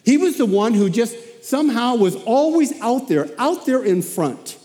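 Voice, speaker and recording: A man preaching a sermon as animated storytelling, often repeating himself as he goes. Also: very high-pitched, moderate pace, in a large hall.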